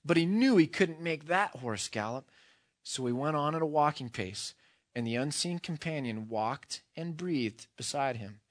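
A man's voice: a little high, lively intonation, measured pace, dry recording, studio quality. A man reading a storybook passage aloud, then speaking earnestly and reflectively in a sermon.

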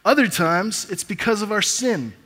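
A man preaching a sermon as pastor and reading scripture aloud with pauses. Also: high-pitched, expressive, a bit bright, breathy edge. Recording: long reverb of a large hall.

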